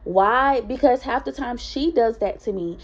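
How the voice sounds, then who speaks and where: Speaking a little slowly in a slightly high voice, this woman vlogs casually about something from her own life. She's chatty and candid, addressing viewers directly over a dull lo-fi recording.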